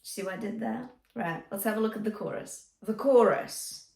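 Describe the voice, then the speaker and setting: A woman's voice: medium pitch, moderate pace, creaky, darkish tone. A woman teaching a singing lesson as a vocal coach, encouraging and singing example phrases. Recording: roomy and a bit distant from the mic.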